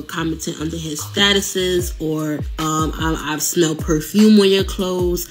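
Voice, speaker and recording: Young adult woman host, lower register, animated conversational storyteller, soft music bed underneath. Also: measured pace, few pauses. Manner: animated, conversational, many fillers and asides to listeners. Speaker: podcast host telling a personal story. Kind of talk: casual storytelling.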